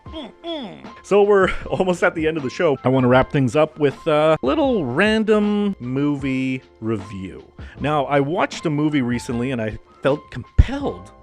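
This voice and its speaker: A man with an average-pitched voice hosts a comedy podcast alone, swearing freely and joking his way through rants. Faint music sits quietly behind him. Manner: ranting, profane, jokey. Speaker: podcast host. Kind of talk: casual comedic monologue.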